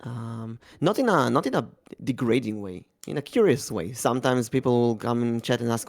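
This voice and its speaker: A man's voice: medium pitch, lively intonation, moderate pace, hardly any pauses. A young man with an Israeli accent hosting a casual podcast chat, talking thoughtfully with many hesitations. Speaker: podcast host.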